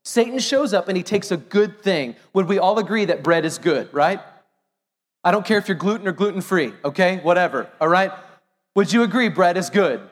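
A middle-aged man, a pastor, preaching an animated sermon with joking asides to the congregation. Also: sits high, a little fast. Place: church sanctuary. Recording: long hall reverb.

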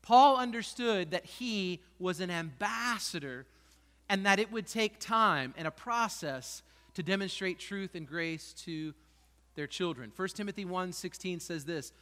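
A high, bright-voiced man preaches a passionate sermon, pushing his voice up to emphatic peaks. His words ring out with the long reverb of a church hall. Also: unhurried. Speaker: pastor. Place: church sanctuary.

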